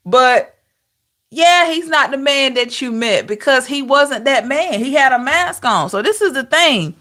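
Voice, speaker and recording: A woman giving a casual tarot reading to camera, talking in an expressive, chatty way with rhetorical questions. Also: sits high. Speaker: tarot reader.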